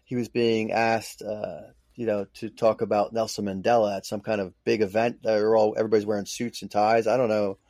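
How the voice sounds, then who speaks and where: A man with a low voice talks quickly, recorded dry and close. He chats about hockey casually and teases the others now and then. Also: flat delivery, a little mellow, no echo. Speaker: podcast co-host. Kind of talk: casual sports chat.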